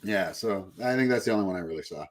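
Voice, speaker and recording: A podcast host chats casually at a quick pace in a low voice, rambling, swearing freely, and putting on mocking voices.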